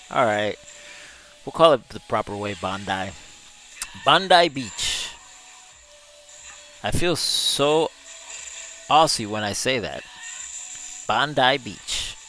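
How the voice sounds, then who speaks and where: A man's voice: mid-range voice, a bit bright. A man hosting a livestream, chatting casually with viewers, reading their comments aloud and chuckling often. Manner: easygoing, chuckles often, drawls words. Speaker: livestream host.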